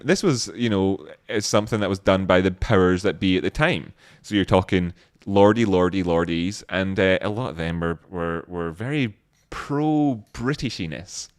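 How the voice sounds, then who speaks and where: A man's voice: lowish voice, dry recording, clean studio sound. A man hosting a livestream, chatting casually in a rambling, joking way and reading out viewer comments. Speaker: livestream host.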